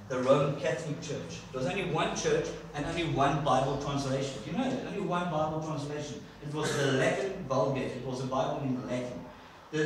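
A fairly high-voiced man preaching to his congregation, stopping to put questions to them. He is picked up from a distance in a very echoey church hall, with a faint hiss underneath. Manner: storytelling, asks the congregation questions. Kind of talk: sermon.

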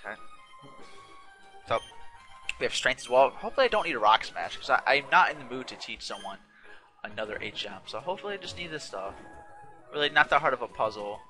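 A man's voice: medium pitch, big pitch swings, fairly quick, long pauses, bright, forceful tone. A man hosting a casual let's play, chatting and correcting himself as he plays, a bit tired and yawning. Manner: rambling, self-correcting, chatty. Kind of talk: casual gameplay commentary. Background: game music.

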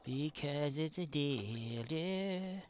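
A woman's voice: low-pitched, lively intonation, very slow, a little mellow, a little hiss or hum. A woman chatting casually on a live stream, teasing with repetitive banter.

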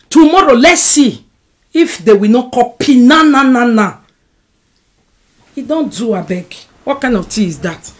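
A woman with a Nigerian accent hosting a casual live stream from home, answering viewers' comments in an animated, argumentative way. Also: a little high.

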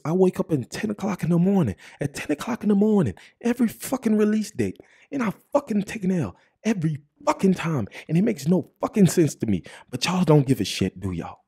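A young man hosting a vlog, ranting angrily and swearing constantly, with a husky voice and repeated "bro" tags. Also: sits high, warm tone. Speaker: vlog host.

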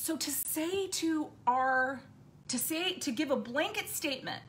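A woman's voice: sits high, animated, measured pace, a bit bright, a little hiss or hum. A woman host giving an impassioned, blunt monologue, swearing often and repeating points for emphasis. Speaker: podcast host.

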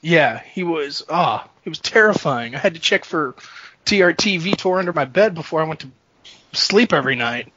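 A man co-hosting a casual sports podcast, animated and jokey, laughing often. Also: a little high, normal speed, a little hiss or hum. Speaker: podcast co-host. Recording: dull lo-fi dry sound.

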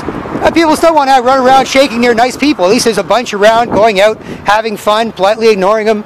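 High-pitched fast-talking man. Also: noisy background. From Canada. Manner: rambling, profane, repetitive. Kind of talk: street vlog rant. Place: outdoors in a city square.

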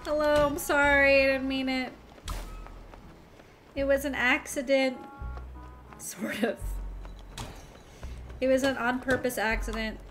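A woman's voice: high-pitched, little pitch movement, slow, long pauses, a bit bright. A woman streaming a video game, commenting playfully, giggling and reading signs aloud. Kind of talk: live gameplay commentary. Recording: game music playing behind the voice.

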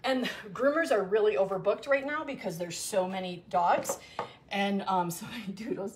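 A middle-aged woman chatting casually while grooming her dog, rambling with many ums and restarts and cooing soft asides to the dog. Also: medium pitch, moderate pace, noisy background.

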